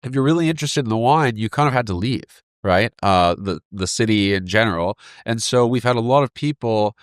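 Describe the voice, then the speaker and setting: A man's voice: on the low side, a little fast, no echo, studio quality. A man, a winery co-founder, telling rambling stories in a casual interview. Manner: rambling storyteller, many fillers.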